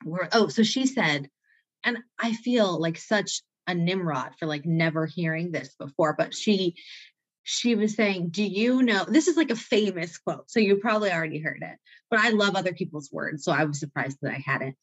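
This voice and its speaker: A woman's voice: lowish voice, expressive, moderate pace, husky. A woman guest on a podcast, talking in an effusive, motivational way and laughing often. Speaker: author writing a self-care book. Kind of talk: enthusiastic conversation.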